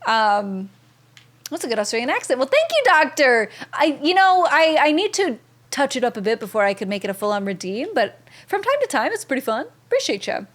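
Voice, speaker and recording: A woman's voice: high voice, big pitch swings, brisk, a bit bright. A young woman streaming a video game, chatting in an upbeat way and thanking viewers by name. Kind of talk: casual live-stream commentary.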